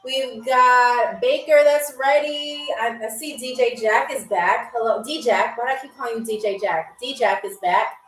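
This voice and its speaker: A woman's voice: a little high, normal speed, few pauses, a bit bright. A woman hosting a live-streamed trivia game show, chatting to viewers and greeting them by name. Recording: roomy echo, distant mic, faint music. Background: faint music from a DJ.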